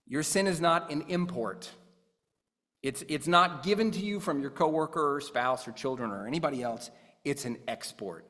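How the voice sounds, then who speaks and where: A man's voice: medium pitch, long reverb tail. A man in his thirties preaching a sermon as pastor, earnest and conversational, using everyday examples.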